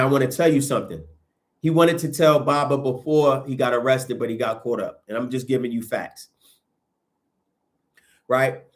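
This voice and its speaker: A man telling a personal story in casual talk, acting out the quoted lines with many restarts. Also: medium pitch. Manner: animated, acts out quoted dialogue, frequent restarts. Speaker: storyteller recounting events.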